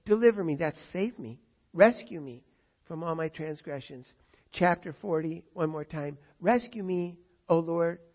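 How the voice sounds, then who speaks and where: A man with a slightly high voice preaches in a relaxed, conversational way, with fillers and prayers spoken as if they were his own. The recording is dull and lo-fi. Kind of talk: sermon. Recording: dull lo-fi sound.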